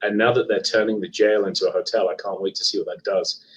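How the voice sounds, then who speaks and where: A man's voice: on the low side, fairly even intonation, quick pace, low-quality recording. Chatty man with a Leicester accent. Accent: Leicester English, partly Americanized. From England. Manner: chatty, hesitant with frequent ums and restarts. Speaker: guest author and paranormal investigator. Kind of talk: casual live podcast chat.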